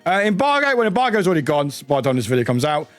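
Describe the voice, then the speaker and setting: A man's voice: fairly high pitch, big pitch swings, rapid-fire, soft background music. A man streaming a game, chatting casually and giggling as he stumbles through reading text aloud. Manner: giggly, stumbles over words and restarts readings.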